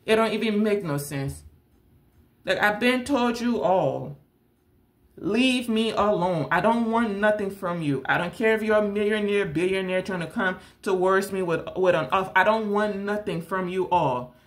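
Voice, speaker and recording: A woman with a voice of middling pitch addresses her viewers directly. She hosts a tarot channel and talks in a blunt, confrontational rant. She circles back to the same points again and again. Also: normal speed. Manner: confrontational, blunt, repeats herself.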